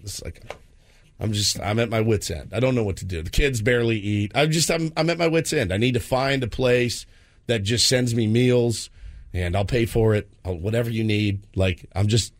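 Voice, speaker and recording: A man's voice: lowish voice, moderate pace. A man in his thirties co-hosting a morning radio show, rambling in a self-deprecating, exasperated way. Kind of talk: casual morning show chat.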